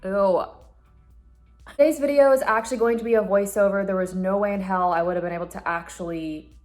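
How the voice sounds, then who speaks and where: A woman's voice: medium pitch, darkish tone, faint music behind. Upbeat woman beauty vlogger, casual to-camera chat, mid-range voice. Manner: chatty and upbeat, quick asides.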